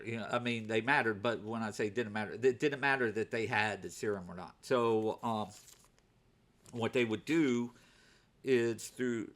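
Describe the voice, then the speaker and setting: A man's voice: lowish voice, fairly bright tone. A man casually talking through his week's comic purchases, with many fillers and repeated words as he goes. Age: adult working overnight shifts. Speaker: comic book vlogger. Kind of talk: casual unscripted show-and-tell.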